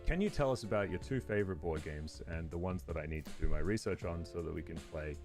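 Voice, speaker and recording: A man's voice: low voice, quick pace, music in the background. A man hosting an interview as a caster, playful and enthusiastic, laughing along. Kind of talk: casual interview chat.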